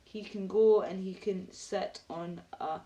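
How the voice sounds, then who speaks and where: A woman's voice: medium pitch, steady tone, takes it slowly, dark tone, rough recording. A Scottish woman live streaming, chatting bluntly and casually, swearing and reading out video titles as she goes. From Scotland.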